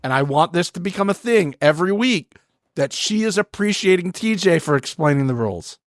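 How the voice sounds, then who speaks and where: A man's voice: high-pitched, expressive, a little fast, dry recording. A man co-hosting a podcast, chatting casually about a reality show with dry, teasing sarcasm. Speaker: podcast co-host. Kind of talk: casual reality-TV recap chat.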